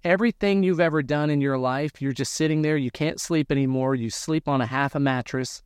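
A man telling his own story in an interview, animated and acting out the dialogue he quotes. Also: on the high side, a little fast, clean tone, no echo, clean studio sound. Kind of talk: conversational storytelling.

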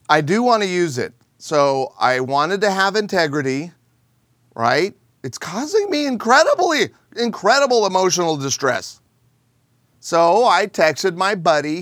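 A middle-aged man hosting a comedic monologue, animated and jokey. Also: fairly high pitch, dry recording, studio quality. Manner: animated, jokey, acts out quoted people. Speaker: host.

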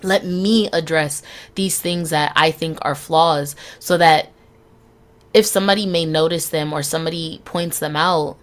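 A woman's voice: sits low, fairly even intonation, measured pace. A young woman hosting a solo podcast, speaking candidly and frankly, swearing freely and laughing between phrases. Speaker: podcast host.

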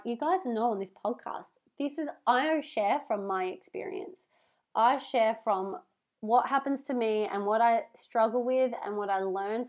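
Her voice is fairly high and a little mellow as this podcast host talks casually and earnestly to her audience in a motivational monologue. Heartfelt, as if speaking with hand on heart, she drops swear words for emphasis.

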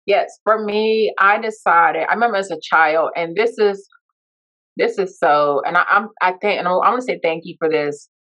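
A woman's voice: fairly low pitch, normal speed, fairly bright tone. A woman podcast guest telling her personal story in a heartfelt, reflective way. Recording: dull lo-fi sound.

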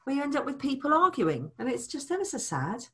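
A woman talking as a money coach in a casual chat, animated, acting out people's voices and swearing casually. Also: sits high, fairly quick.

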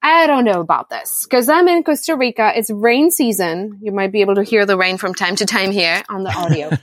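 A woman's voice: medium pitch, fairly quick, dry recording, studio quality. A middle-aged woman who is a business coach, telling stories in a casual interview and acting out her own reactions as she goes. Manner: animated storyteller, acts out her own reactions. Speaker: podcast guest, business coach. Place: home in Costa Rica during rainy season.

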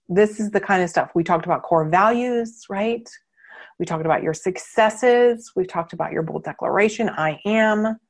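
A woman hosting a motivational podcast, talking casually with lots of fillers and acting out quoted thoughts. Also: medium pitch. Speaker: podcast host and coach.

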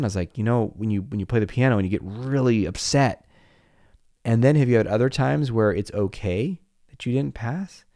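A man's voice: fairly low pitch, darkish tone, no room sound, studio quality. A man, likely in his forties, hosting a podcast in a candid, reflective monologue with playful asides, acting out his own inner voices. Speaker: podcast host.

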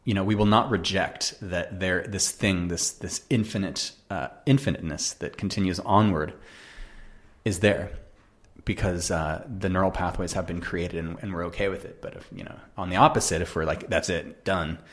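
A man hosting a podcast, telling a personal story in an earnest, animated way and often repeating his phrases. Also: low-pitched, normal speed. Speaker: podcast host.

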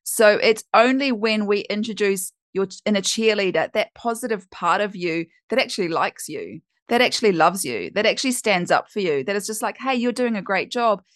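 A woman's voice: medium pitch, lively intonation, moderate pace, hardly any pauses, fairly bright tone, no echo. Woman podcast host, candid and chatty, dry close recording, mid-range voice. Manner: candid and chatty, with some swearing. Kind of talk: casual podcast monologue.

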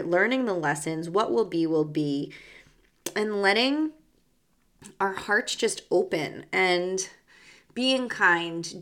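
Her voice is a bit bright and leans low. She's a young adult psychic medium hosting a spiritual podcast, keeping things casual, bubbly and heavy on fillers.

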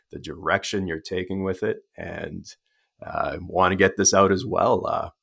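A man's voice: deep voice, gravelly, fairly bright tone. A man hosting a podcast interview, talking casually with many fillers and laughing easily. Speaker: podcast host.

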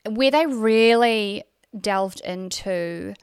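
A woman's voice: medium pitch, extremely slow, clear, resonant tone, no echo, clean studio sound. A woman with a New Zealand accent hosting a solo podcast, chatty and self-deprecating, with fillers and restarts. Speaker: podcast host.

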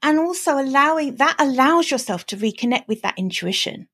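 A woman's voice: high voice, lively intonation, brisk, fairly bright tone. A woman hosting a podcast, agreeing emphatically with her guest in casual conversation. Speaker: podcast host.

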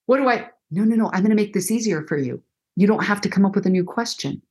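A middle-aged woman counselor explaining listening skills in conversation, animated and acting out example dialogues. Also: medium pitch, quick pace, breathy edge. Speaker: counselor and guest. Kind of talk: conversational teaching.

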